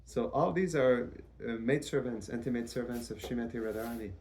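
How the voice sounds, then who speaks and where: A man giving a devotional lecture as a spiritual teacher, in a measured, reverent way with frequent restarts. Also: mid-range voice, darkish tone, slight background noise.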